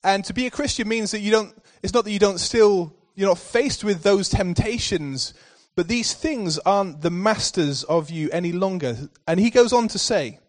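Preaching to his church in a somewhat high voice, a man starts with warm personal stories before building into emphatic, forceful scripture readings. He keeps a normal speed with hardly any pauses.

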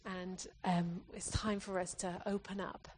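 A woman's voice: lowish voice, little pitch movement, unhurried, a little hiss or hum. A woman preacher from England giving an earnest sermon, often restarting her phrases as she exhorts the congregation.

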